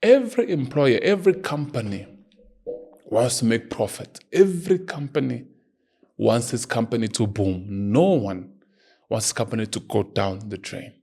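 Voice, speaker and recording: A man's voice: medium pitch, moderate pace, vocal fry, warm tone, slightly rough. A man hosting his own show, giving earnest, emphatic opinion commentary and arguing his point. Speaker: podcast host.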